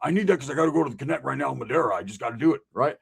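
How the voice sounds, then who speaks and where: A man putting on a loud, paranoid tweaker who keeps pleading. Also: medium pitch, animated, rapid-fire, creaky, breathy edge, full character voice. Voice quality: loud, whiny, insistent.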